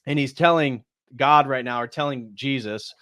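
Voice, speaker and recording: A man's voice: mid-range voice, moderate pace, bright, forceful tone, smooth, dry recording, studio quality. A man hosting a casual movie review on a live stream, retelling scenes and now and then acting out the characters' lines. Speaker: host.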